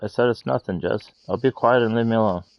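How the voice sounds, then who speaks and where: A man voicing a cocky, brash young fighter in a game, boastful and gruff. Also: on the low side, fast, dry recording, dull audio. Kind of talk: game voice acting.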